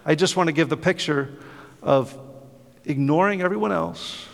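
Preacher guy, gravelly voice, kinda high, telling a story then praying, lots of uhs, echoey hall. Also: normal speed. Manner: impassioned storytelling with many fillers. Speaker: pastor. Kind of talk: sermon with story and prayer.

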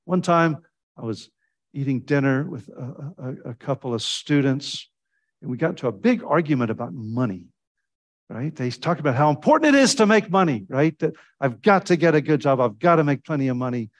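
A man preaches a sermon with a mid-range voice, talking in a loose, conversational way. He leaps upward in pitch when he acts out what people said, then drops back low and soft. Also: a little fast. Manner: animated storytelling with sudden pitch jumps when quoting; fillers and restarts, conversational preaching.

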